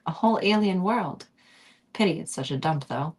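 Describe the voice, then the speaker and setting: Storybook read-aloud: woman voicing an awed, earnest male traveler, low and unforced. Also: expressive, normal speed, darkish tone. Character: bewildered earnest man marveling at alien world.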